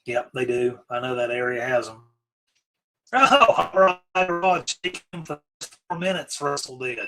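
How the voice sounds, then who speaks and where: A man's voice: medium pitch, lively intonation, unhurried, pushed and bright, soft background music, low-quality recording. A man from Virginia hosting a casual livestream, rambling easygoingly through viewer comments and often trailing off to restart. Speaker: livestream host. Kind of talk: casual live-stream chat, answering viewer comments.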